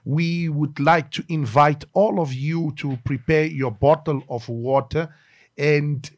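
A man's voice: a little high, slow pace, no echo. A man hosting a church radio program from a studio as pastor, speaking earnestly and pleading with listeners, sometimes stumbling and correcting himself. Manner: earnest, pleading, occasional slips and self-corrections. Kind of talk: radio ministry broadcast.

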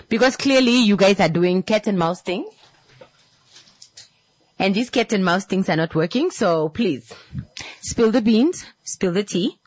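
Woman, storytime vlog, animated, slangy, lowish voice, dry sound. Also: a little slow, no room sound.

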